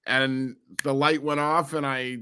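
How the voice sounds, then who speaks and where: A man in his forties from New Jersey, a podcast guest telling stories in an animated, rambling way with many restarts. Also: medium pitch, unhurried, a little hiss or hum. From New Jersey, USA. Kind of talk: casual interview storytelling.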